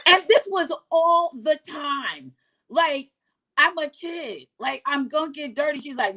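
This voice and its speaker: A woman co-host tells comic stories in a brash way. She has a high, bright voice. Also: animated, normal speed. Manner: brash and comic, mimics the relatives in her stories. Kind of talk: casual storytelling.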